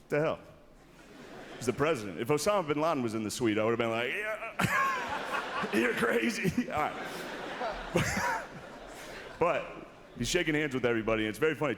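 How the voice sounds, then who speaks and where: Laid-back male comic in a reverberant hall. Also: lowish voice. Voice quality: laid-back, self-mocking delivery. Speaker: comedian hosting an awards show. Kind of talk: stand-up monologue. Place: large awards hall. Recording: broadcast audio with hall reverb.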